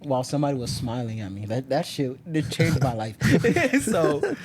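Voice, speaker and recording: A man's voice: on the high side, measured pace, very noisy. A young man from Miami, a podcast guest in casual chat, telling stories and laughing often. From Miami, United States. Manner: laughs often, animated storytelling.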